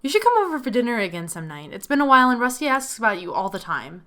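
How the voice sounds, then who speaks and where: A woman reading the lines of a nosy, cheerful female coworker from a game, excited and teasing. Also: fairly high pitch, fast talker. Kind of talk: reading game dialogue aloud.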